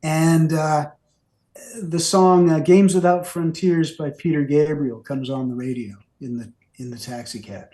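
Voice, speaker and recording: A man's voice: on the high side, fairly even intonation, a little slow, warm tone. An older man, a former record executive, telling stories as an interview guest in a rambling, filler-heavy way and acting out the voices he quotes. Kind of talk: anecdotal storytelling. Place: radio studio. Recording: roomy studio echo.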